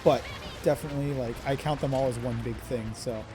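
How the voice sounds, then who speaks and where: A man streaming a game live, excitable and swearing at the monster, laughing often. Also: mid-range voice, a little fast. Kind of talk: live gameplay commentary.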